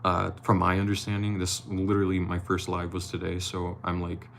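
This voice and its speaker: A man's voice: low voice, completely flat delivery, brisk, gravelly, a bit bright, a little hiss or hum. A man reading a novel aloud on a live stream, chatting loosely with viewers, swearing casually and slipping over words.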